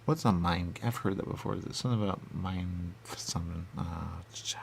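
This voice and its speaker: A man rambling in a goofy comic back-and-forth with himself, answering his own questions and dropping into hushed asides. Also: sits low, normal speed, gravelly, slight background noise. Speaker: radio show personality.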